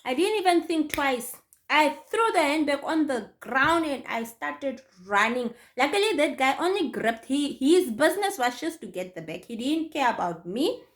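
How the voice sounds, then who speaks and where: A young woman from Namibia with a Namibian accent, telling her own story to her viewers in a casual, animated way. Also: high voice, moderate pace. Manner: animated, addresses viewers directly. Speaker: YouTuber.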